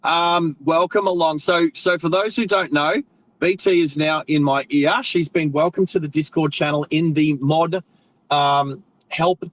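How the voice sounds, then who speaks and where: Australian male streamer, middle-aged, rambly casual chatter, voice sits a little high. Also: fairly even intonation, unhurried, rough recording. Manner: rambling, chatty, self-correcting, friendly slang. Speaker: live stream host. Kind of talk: casual live stream chat while driving.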